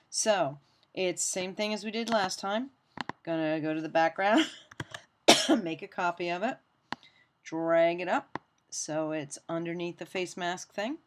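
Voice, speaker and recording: Chatty woman teaching a software lesson. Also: deep voice. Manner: chatty, self-deprecating, talks while working. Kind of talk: screen-recorded software tutorial.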